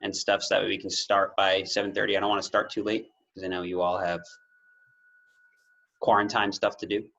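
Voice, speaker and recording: A man's voice: low voice, level tone, fairly quick, gravelly, fairly bright tone. A man chatting casually with dry jokes over a video call while organizing a tabletop game as its game master. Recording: muffled video call audio.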